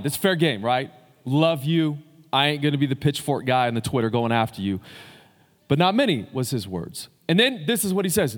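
A man preaching a sermon in a loose, conversational way, with fillers and restarts, addressing his congregation. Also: on the high side. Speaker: pastor. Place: church sanctuary. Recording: long hall reverb.

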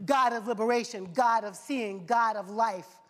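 A woman's voice: a little high, a little slow. A woman preacher delivering a sermon in rhythmic, repeated phrases, asking the congregation questions. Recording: long reverb of a large hall.

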